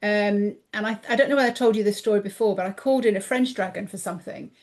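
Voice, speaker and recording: Woman guest, mid pitch, talkative and expressive, throat a bit worn. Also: quick pace. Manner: chatty and animated, acts out quoted voices. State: voice tiring, clears throat. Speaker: guest, intuitive coach and author. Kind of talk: casual podcast interview.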